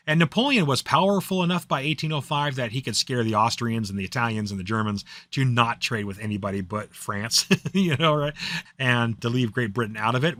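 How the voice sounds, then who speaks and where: Bright-voiced man teaching history casually. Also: medium pitch, no echo. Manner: chatty, loose, many fillers and restarts. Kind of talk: casual classroom lecture.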